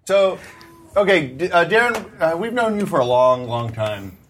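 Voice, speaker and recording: A man's voice: a little high, lively intonation, moderate pace, over loud music. A tired man co-hosting a long casual chat, teasing and loose, sometimes eating while he talks. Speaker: co-host.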